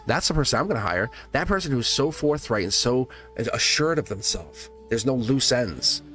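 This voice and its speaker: A man's voice: medium pitch, lively intonation, normal speed, a bit bright, faint music behind. A man hosting a live tarot reading, talking casually and encouragingly to his viewers, laughing often and restarting his words. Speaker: tarot reader hosting a livestream.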